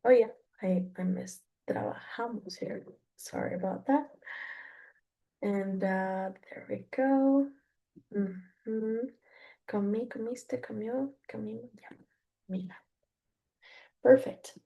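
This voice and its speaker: A woman's voice: mid-range voice, slow, vocal fry, long pauses, dark tone. A woman from Mexico teaching Spanish grammar to learners, patient and careful, checking in with "okay?" after each point.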